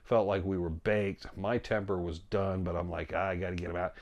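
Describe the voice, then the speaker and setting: A man casually telling a story about a hike, animated, often quoting himself and his friend and laughing as he goes. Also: low voice, brisk. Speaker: storyteller guest.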